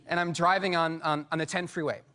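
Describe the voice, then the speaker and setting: A man from Iowa, a guest on a talk show, telling an animated, rambling story in a studio with a lapel mic. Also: a little high, brisk. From Iowa, USA. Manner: excitable, rambling with many restarts. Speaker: guest, actor. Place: television studio.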